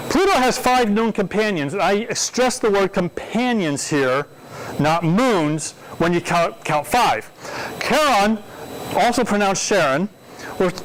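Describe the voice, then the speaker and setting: Chatty, high-voiced man giving a science talk. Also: a little hiss or hum, low-quality recording. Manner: conversational, digressive, asks audience questions. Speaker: astronomy speaker. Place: lecture room with audience.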